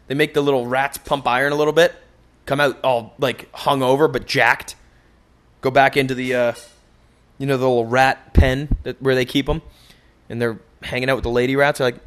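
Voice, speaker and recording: A young man hosting a casual solo podcast, joking and cursing through loose, animated stories. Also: mid-range voice. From United States. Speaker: podcast host.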